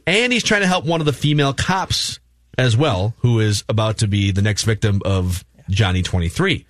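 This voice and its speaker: A man's voice: on the low side, normal speed, dry recording, studio quality. A man co-hosting a movie podcast who recaps the plot and jokes with his co-hosts. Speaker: podcast co-host.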